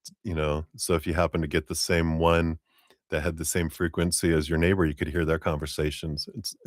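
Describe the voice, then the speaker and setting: A man's voice: a bass voice, little pitch movement, a little fast, no echo, clean studio sound. A middle-aged man giving a live-stream tarot reading, rambling and asking "right?" along the way. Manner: rambling, with tag questions and chuckles. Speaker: tarot reader.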